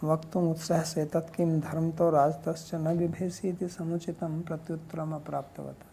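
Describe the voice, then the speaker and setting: A woman teaching a lecture on a Sanskrit commentary, reading verses quickly and then explaining them in plain, conversational English. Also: deep voice, little pitch movement, vocal fry, dark tone, a little hiss or hum. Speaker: teacher of scripture.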